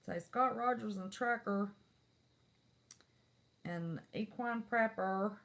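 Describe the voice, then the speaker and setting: A middle-aged West Virginia woman hosts a live stream, chatting folksily and casually with her viewers. Her medium-pitched voice is slow, gravelly, and a bit bright.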